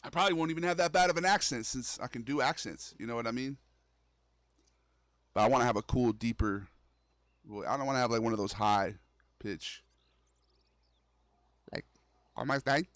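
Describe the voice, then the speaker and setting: Speaking at medium pitch and moderate speed, this young man leaves long pauses, his tone fairly bright and free of echo. He's streaming a horror game and chatting loosely with viewers, throwing around slang and "bro."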